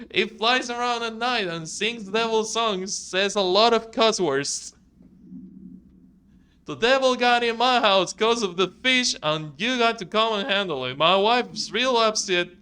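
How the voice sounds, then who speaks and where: A man's voice: sits high, sharp tone, clean tone, voice pushed up, heavily acted. A man voicing a fretful rural man from the American South, pleading with the governor in a put-on Southern drawl.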